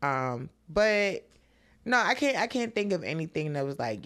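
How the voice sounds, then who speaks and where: A woman's voice: low voice, sing-song, normal speed. Laid-back woman telling a story. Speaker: comedian guest. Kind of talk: casual podcast storytelling.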